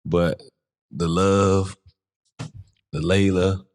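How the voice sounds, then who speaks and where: A man from DC in relaxed podcast chat, drawling and reminiscing in a laid-back way. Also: low-pitched, extremely slow. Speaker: podcast host.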